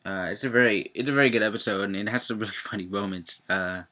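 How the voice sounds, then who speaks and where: A young man reviewing a cartoon episode in casual chat, rambling with lots of fillers and breaking into excited outbursts. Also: fast talker, very noisy. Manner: rambling, heavy on fillers, swings into excited high-pitched outbursts.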